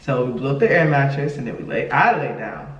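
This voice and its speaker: A man's voice: mid-range voice, fast talker, highs cut off. A man telling a story in casual chat, acting out the other people's lines and laughing often. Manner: animated, acts out quoted dialogue, laughs often. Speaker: podcast co-host telling a story. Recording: echoey room from a distance.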